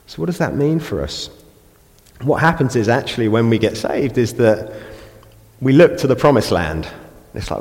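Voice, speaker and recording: An English man preaching a lively sermon in a church, slipping into the voices of grumbling or praying people as he goes. His medium-pitched voice rings out with a long hall echo around it. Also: moderate pace.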